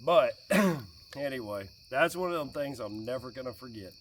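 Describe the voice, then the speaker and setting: A middle-aged man telling stories about family life in a casual, animated way, often laughing, sitting outdoors by a fire. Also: medium pitch, moderate pace, a little hiss or hum. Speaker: vlogger and dad. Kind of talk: casual fireside storytelling. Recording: distant mic outdoors, faint crickets. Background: faint crickets and outdoor ambience.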